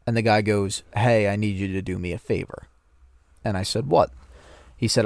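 A man's voice: fairly low pitch, fairly even intonation, moderate pace, gravelly, a little mellow, no echo. A man co-hosting a podcast, telling a rambling anecdote in casual chat and swearing a lot. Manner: rambling storytelling, frequent swearing. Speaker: podcast co-host.

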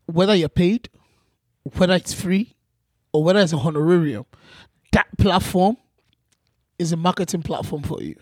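A man's voice: high-pitched, lively intonation, normal speed, long pauses, a little mellow, slightly rough, no room sound, studio quality. A man, a comedian guest on a podcast, talking earnestly about his craft and repeating his key points. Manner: earnest, advice-giving, repeats phrases. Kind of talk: casual interview chat.

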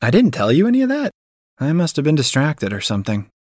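A man voicing a young woman who is dreamy, playful and thoughtful, speaking gently with teasing turns in an audiobook reading. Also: mid-range voice, moderate pace, no room sound, clean studio sound, natural voice. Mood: surprised. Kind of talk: audiobook dialogue.

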